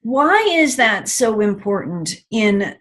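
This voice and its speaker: A woman's voice: medium pitch, sing-song, takes it slowly, a bit bright. A woman hosting an interview, welcoming her guest and asking open, encouraging questions. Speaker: interview host. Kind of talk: conversational interview.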